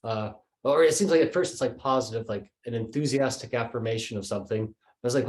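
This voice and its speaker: A man's voice: medium pitch, fairly quick, few pauses. A man as a guest in a conversation, musing tentatively as he works through his thoughts. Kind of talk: conversational discussion. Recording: echoey room.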